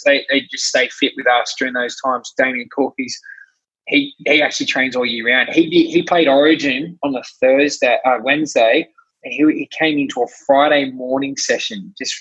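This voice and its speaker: A man's voice: mid-range voice, a bit bright, slightly rough. A man, a gym trainer chatting as a podcast guest, rambling through stories with lots of restarts and acted-out quotes. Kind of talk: casual storytelling chat. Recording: dull, muffled podcast audio.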